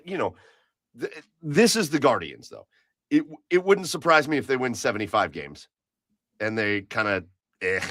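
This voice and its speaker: A man's voice: medium pitch, bright, forceful tone, dry recording. A man co-hosting a podcast, chatting casually about baseball in a rambling way, full of restarts. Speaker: podcast co-host. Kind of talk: casual sports chat.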